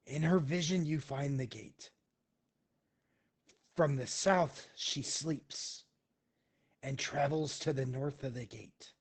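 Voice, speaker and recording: A man voicing a greedy, drooling old male alienist who chants a prophecy slowly and quietly. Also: on the high side, slightly rough, full character voice. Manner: slow, hushed prophetic chanting.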